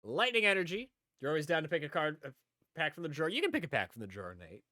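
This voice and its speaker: A man's voice: fairly high pitch, big pitch swings, rapid-fire, pushed and bright, dry recording, clean studio sound. A man streaming live, chatting casually and rambling as he talks to viewers, repeating himself often. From upstate New York.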